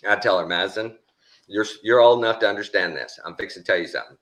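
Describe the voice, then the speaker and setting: Deep-voiced Texan man telling stories. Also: quick pace, a bit bright. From Texas. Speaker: storyteller. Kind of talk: casual storytelling.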